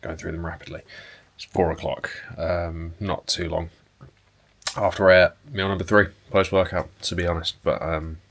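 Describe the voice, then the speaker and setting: Laid-back young man, deep flat voice. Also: moderate pace, creaky. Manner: relaxed, rambling, with frequent fillers and mild swearing. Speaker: bodybuilding vlogger and personal trainer. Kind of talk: casual vlog chat to camera. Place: indoors at home and in a parked car.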